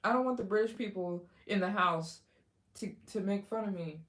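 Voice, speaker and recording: A woman's voice: mid-range voice, normal speed, a bit bright. A young adult woman hosting a casual livestream, chatting with viewers in a rambling way with many fillers and restarts. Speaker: livestream host.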